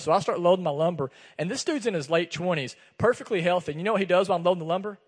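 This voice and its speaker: A pastor races through his sermon in a high voice, barely pausing, as he tells a personal story and acts out the dialogue with animation. The church sanctuary gives the recording a long hall reverb.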